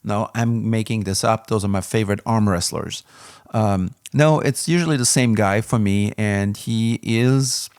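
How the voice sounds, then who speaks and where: A man with a low, gravelly voice talks through a product review in a loose, candid ramble. He sounds dry and close, with no room around him. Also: unhurried, a little mellow, no room sound. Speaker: music gear reviewer. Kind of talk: casual review talk.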